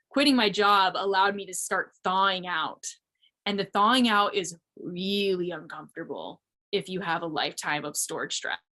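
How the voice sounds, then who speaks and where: Woman, 30s, from Missouri; interview guest, reflective and chatty, middle pitch. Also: a bit bright. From Missouri, USA. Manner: reflective, frequent "like" fillers, light laughs. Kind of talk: casual interview talk. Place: remote audio interview.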